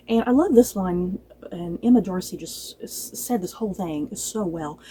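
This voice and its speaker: A woman casually reviewing a TV episode, chatty and animated, laughing often and acting out lines from the show. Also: fairly low pitch, measured pace, slight background noise, rough recording. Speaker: book and TV reviewer.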